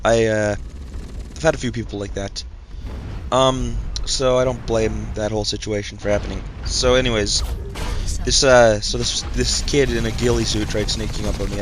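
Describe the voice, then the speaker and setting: A man's voice: on the low side, a little hiss or hum. Rambling young man telling a story. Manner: hesitant, full of fillers and self-corrections, self-mocking. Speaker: channel host telling a story.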